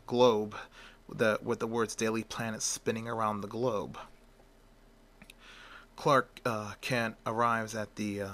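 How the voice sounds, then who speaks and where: A man's voice: lowish voice, bright, forceful tone. A man telling an improvised fan story, rambling with lots of fillers and restarts.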